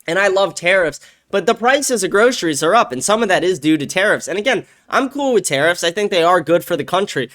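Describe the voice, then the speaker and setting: Brief: young male host, high-pitched voice, furious and foul-mouthed commentary. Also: animated, brisk, a bit bright. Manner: angry, profane, ranting. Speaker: show host. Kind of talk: political commentary rant.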